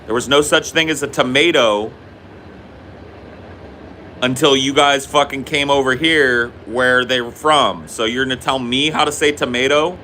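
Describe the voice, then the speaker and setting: A man's voice: mid-range voice, normal speed, bright, forceful tone, a little hiss or hum. A man from the United States co-hosting a podcast, trading casual banter and ranting in a profane, teasing way. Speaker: podcast co-host.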